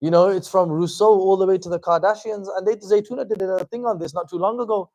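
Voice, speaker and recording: A man giving an informal religious lecture as a teacher, animated and conversational, with frequent fillers and wry asides. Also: high-pitched, fast talker, dry recording. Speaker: Islamic teacher giving a talk.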